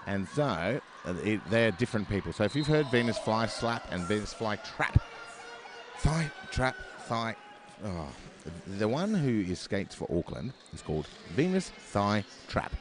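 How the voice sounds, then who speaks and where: A very animated Australian man with a fairly low voice calls a roller derby bout live at a measured pace. He talks through a headset mic in a rambling, chatty way, dropping plenty of fillers and poking fun at himself.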